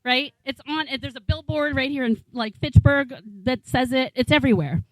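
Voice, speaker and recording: A woman's voice: sits high, normal speed, no echo, poor audio. A woman in her forties doing a stand-up comedy set in a small bar, rambling and incredulous, swearing freely. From New England, USA. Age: 40s. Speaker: stand-up comic.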